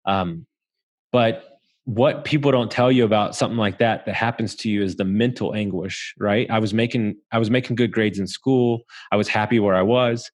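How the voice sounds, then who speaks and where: Guest, a man from Southeast Texas with a lowish voice, loose and profane in his storytelling. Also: steady tone, moderate pace. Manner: swears freely, laughs through his story. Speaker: podcast guest. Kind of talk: casual storytelling.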